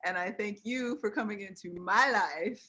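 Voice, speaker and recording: A woman's voice: medium pitch, moderate pace, bright, forceful tone. An American woman speaking as a guest on a live video chat, earnest and heartfelt, close to tears. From United States.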